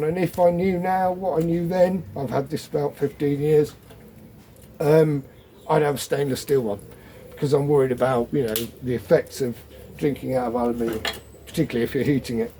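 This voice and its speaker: A man's voice: on the high side, warm tone, slight background noise. A middle-aged man chatting casually as he demonstrates his gear, rambling with joking asides. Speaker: off-grid living vlogger.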